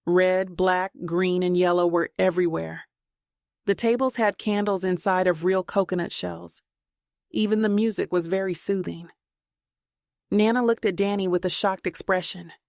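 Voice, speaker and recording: A woman narrating a novel in steady, plain storytelling, recorded on a close mic. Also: on the low side, normal speed, creaky, dry recording. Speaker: audiobook narrator. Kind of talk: scripted narration.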